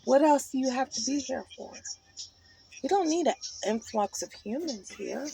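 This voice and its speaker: A woman's voice: sits high, animated, normal speed, gravelly, mellow, a little hiss or hum, rough recording. A woman pressing her partner with repeated, preachy questions in a heated casual conversation inside a truck cab. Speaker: partner in a couple's argument.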